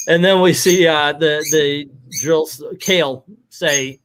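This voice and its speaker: A man with a slightly high voice reads a comic book aloud in a relaxed, chatty way, trying on voices for the characters. A faint hiss sits under his voice. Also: measured pace. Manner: reads dialogue aloud with playful voices and laughs. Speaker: comics channel host. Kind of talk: casual comic book read-through.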